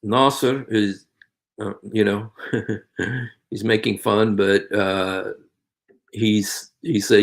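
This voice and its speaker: A man's voice: fairly low pitch, fairly even intonation, very slow, vocal fry, long pauses. Earnest pleading male preacher. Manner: earnest, pleading, repeats phrases over and over. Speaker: Christian preacher and video host. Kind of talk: evangelistic vlog appeal.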